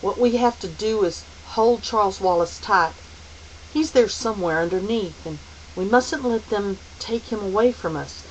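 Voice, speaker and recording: A woman's voice: mid-range voice, normal speed, a little hiss or hum, lightly acted, low-quality recording. A woman voicing an athletic teenage boy who speaks bluntly and firmly. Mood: determined. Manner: blunt, firm.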